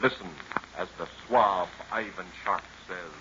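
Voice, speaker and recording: A man announcing a 1930s radio serial, folksy and peppy in the sponsor pitch. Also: measured pace, sharp tone, slight background noise. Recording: muffled old radio recording.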